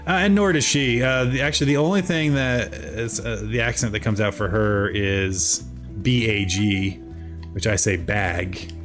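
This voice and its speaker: Streamer, male, 30s, South Jersey accent, rambling and chatty, low-pitched, faint music behind. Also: unhurried. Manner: chatty, rambling, lively with sudden high jumps. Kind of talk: casual gameplay chat with chat readers.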